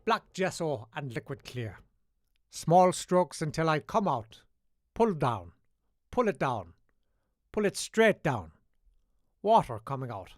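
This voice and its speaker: A man doing an impression of an Irish male TV painter, with an Irish accent, giving slow step-by-step brush instructions. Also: fairly high pitch, very animated, dry recording, clean studio sound. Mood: instructive.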